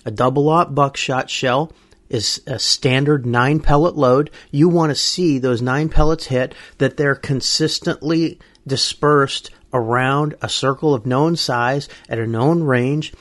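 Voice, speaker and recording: A man's voice: medium pitch, steady tone, a little slow, fairly bright tone, no room sound. A middle-aged man hosting a radio show, telling a story in a folksy, humorous way. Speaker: radio host.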